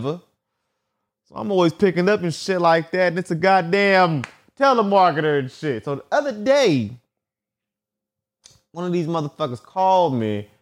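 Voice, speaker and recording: Animated, swearing male podcast host. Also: mid-range voice. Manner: profane, animated storytelling with lots of filler and repetition. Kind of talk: solo comedic monologue.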